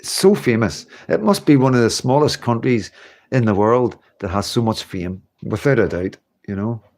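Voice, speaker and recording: A man's voice: medium pitch, lively intonation, normal speed, darkish tone. A man, hosting a casual livestream from home, chatting and reading out viewer comments in a rambling way with frequent laughs. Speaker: livestream host.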